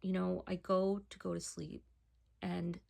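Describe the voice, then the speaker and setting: Woman with heavy vocal fry. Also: fairly low pitch, monotone, measured pace. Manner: hushed, often dropping to a near whisper. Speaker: person giving a personal testimony. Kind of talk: casual first-person storytelling.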